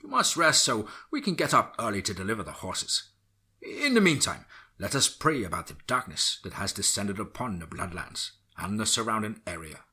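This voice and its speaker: A man voicing a kindly village priest who speaks gently and reassuringly. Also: fairly low pitch, sing-song, normal speed, husky, heavily acted.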